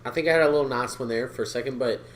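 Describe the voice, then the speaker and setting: Speaking rapid-fire in a mid-range voice, this podcast co-host keeps the chat casual and profane. He's animated, swears freely and acts out quoted people.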